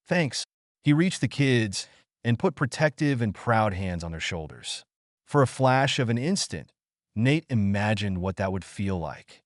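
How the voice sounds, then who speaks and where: Narrating an audiobook, a man tells the story expressively at a measured pace, his low voice ranging widely in pitch. The recording is close and dry, with no room sound.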